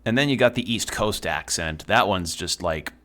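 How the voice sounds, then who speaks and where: A young man with a slightly low voice talks through his game stream in a loose, rambling way. He drifts between chatter and reactions to play, dropping frequent swear words. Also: animated, normal speed, sharp tone. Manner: rambling, swears often while playing. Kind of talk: casual let's-play commentary.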